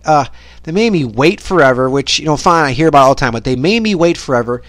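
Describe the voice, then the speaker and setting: A man's voice: fairly high pitch, expressive, quick pace, a bit bright, no echo. Profane, rambling man podcast host. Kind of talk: rambling solo monologue rant.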